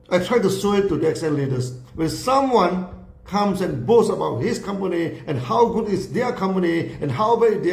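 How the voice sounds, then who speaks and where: A man's voice: sits high, gravelly, darkish tone, echoey room. A man retelling a business encounter as a story. He acts out the quoted lines and keeps dropping "you know" and "no" into his sentences. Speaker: speaker telling a business story. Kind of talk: storytelling talk.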